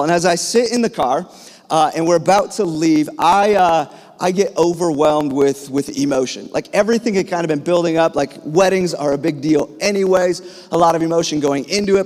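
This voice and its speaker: A man's voice: on the high side, a little mellow. A man in his thirties preaching a sermon, telling a personal story with frequent fillers and restarts. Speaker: pastor. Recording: long hall reverb.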